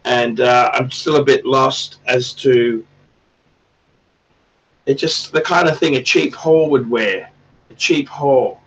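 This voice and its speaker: A man's voice: mid-range voice, slow, pauses often, husky, recorded from a distance, muffled recording. A man hosting a casual livestream chat, rambling and swearing a lot in a crude way. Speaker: livestream host.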